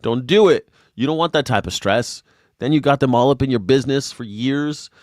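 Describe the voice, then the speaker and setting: A man's voice: mid-range voice, normal speed, darkish tone, dry recording, studio quality. A man hosting casual political commentary, ranting profanely and sarcastically. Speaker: host.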